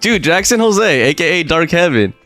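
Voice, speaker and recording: A man's voice: on the high side, very animated, moderate pace, fairly bright tone, dry recording. A man streaming a game live, chatting casually and rambling with lots of fillers and frequent laughs. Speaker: gaming streamer. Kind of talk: casual live gameplay commentary.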